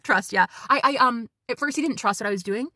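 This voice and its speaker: A woman tarot reader giving a casual spiritual reading, chatty and animated, swearing freely as she talks to her viewers. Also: on the high side, fairly quick, no echo, studio quality.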